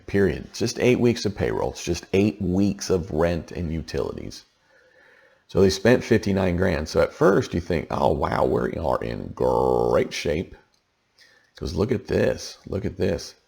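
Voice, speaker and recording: Deep, gravelly male tax teacher. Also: darkish tone. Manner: conversational, checks in with frequent "okay?". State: tired, late at night. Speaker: tax educator. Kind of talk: casual explanatory lesson.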